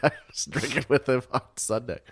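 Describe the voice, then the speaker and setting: A man's voice: mid-range voice, brisk, dry recording, studio quality. A tired man telling stories in a casual podcast chat, laughing often. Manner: laughs a lot, animated storytelling. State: tired after a night shift. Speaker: podcast co-host.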